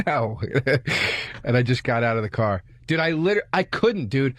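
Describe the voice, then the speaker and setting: A man's voice: medium pitch, big pitch swings, measured pace, a bit bright, no room sound, clean studio sound. A man co-hosting a comedy podcast in casual chat, telling loose anecdotes with easy laughter.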